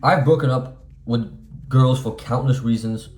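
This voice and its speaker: A man's voice: medium pitch, unhurried, a little mellow, echoey room, faint music behind. A man of twenty giving blunt, profane, emphatic self-improvement advice in a casual monologue. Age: 20s.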